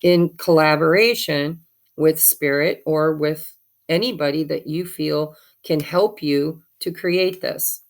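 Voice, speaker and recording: A woman's voice: sits low, slow. A woman giving a chatty, encouraging tarot reading with spiritual advice. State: has the hiccups. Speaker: tarot reader.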